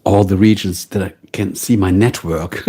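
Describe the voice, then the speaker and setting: A German-accented man chats to his live-stream viewers from home, taking his time and greeting them one by one. His voice sits low and carries a dark, husky softness, and he lingers over his words. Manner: slow, musing, greets viewers by name. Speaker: livestream host. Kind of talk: casual live-stream chat.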